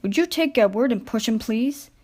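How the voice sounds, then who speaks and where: A polite storybook railway porter asking a favour, voiced by a woman reading aloud. The voice is slightly high. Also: animated, moderate pace, mellow.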